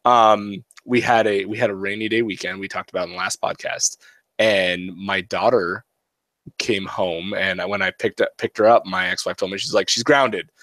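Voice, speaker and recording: A man's voice: low-pitched, little pitch movement, normal speed, fairly bright tone, dry recording. A man co-hosting a casual podcast chat, speaking in an earnest, reflective way and often repeating himself. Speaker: podcast co-host.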